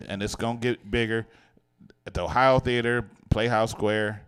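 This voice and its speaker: A man's voice: on the low side, steady tone, normal speed, a bit bright, clean tone. A man hosting a radio show, chatting casually and joking with his guests through a headset mic. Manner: playful, joking, laughs often. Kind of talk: casual on-air chat.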